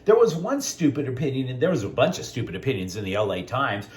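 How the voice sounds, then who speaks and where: Male sports host, mid-pitched, very animated delivery, blunt and opinionated, speaks straight to viewers. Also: quick pace. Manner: outspoken, talks straight to viewers.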